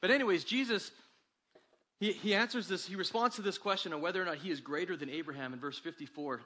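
A man preaching a sermon as pastor, with animated delivery that climbs for emphasis and drops low and quiet. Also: quick pace.

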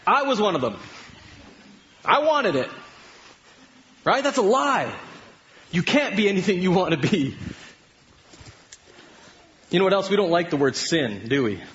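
A middle-aged Canadian man preaching a sermon, talking with his congregation more than at them and often stopping to ask them questions. His voice sits a little high for a man. The recording sounds dull and lo-fi. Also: sing-song, a little slow, pauses often, a bit bright. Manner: conversational, asks the congregation questions. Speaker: pastor.

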